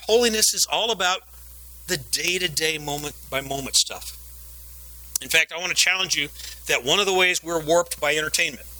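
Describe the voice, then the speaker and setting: Bright-voiced man preaching on a headset. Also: sits high, poor audio. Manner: earnest, emphatic, repeats phrases for stress. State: sniffly, coughing between phrases. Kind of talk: sermon.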